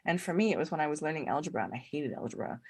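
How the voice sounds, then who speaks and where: Low-voiced woman telling lively stories. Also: very fast, husky. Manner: animated storyteller, acts out quoted dialogue, laughs often. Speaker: podcast guest. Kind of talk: casual podcast conversation.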